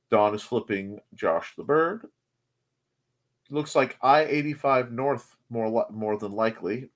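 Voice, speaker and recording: A man hosts a relaxed morning livestream, greeting viewers and wandering into jokey, self-mocking tangents. His pitch swings widely from phrase to phrase, while his voice sits in an ordinary middle register. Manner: rambling, self-deprecating, jokey asides. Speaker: host of a live morning show. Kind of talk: casual live-stream chat reading comments.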